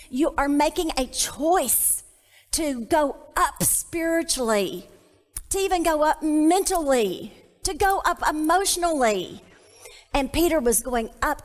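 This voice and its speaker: A woman teaching the Bible to a live audience, emphatic and repeating key phrases for emphasis. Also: high voice. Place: church hall. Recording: long hall reverb.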